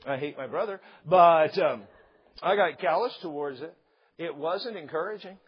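A middle-aged male pastor preaching a sermon, animated and joking, acting out quotes along the way. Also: fairly high pitch, normal speed, breathy edge. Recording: slightly dull lo-fi sound.

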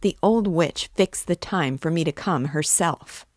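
A woman's voice: low voice, a little slow, darkish tone, no echo, clean studio sound. A woman reading aloud, voicing an impatient man visitor who grumbles and curses. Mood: irritated. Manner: grumbling, cursing.

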